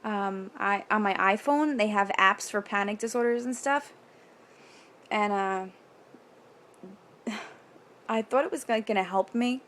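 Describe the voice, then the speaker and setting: A woman's voice: medium pitch, a bit bright. Young woman, from new york, casual confessional vlog, rambling and candid, faint background hiss. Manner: rambling, candid, swears casually, quick nervous asides. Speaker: vlogger.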